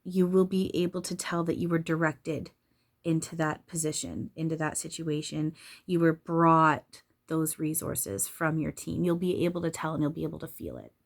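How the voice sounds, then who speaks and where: A woman's voice: low voice, normal speed, creaky. A woman channeler talking casually and candidly about spirituality, swearing freely and laughing often.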